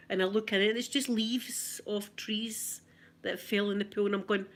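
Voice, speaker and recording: A woman's voice: mid-range voice, flat delivery, brisk. A middle-aged woman with a Scottish accent chatting through funny memories in a casual ASMR video, often laughing. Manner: chatty, giggly, anecdotal. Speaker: ASMR vlogger.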